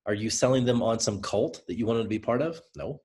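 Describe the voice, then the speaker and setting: Energetic man with a Southern drawl. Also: mid-range voice, fairly quick. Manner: energetic, conversational, coaching; direct, repeats points for emphasis. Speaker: presenter. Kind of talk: motivational training talk.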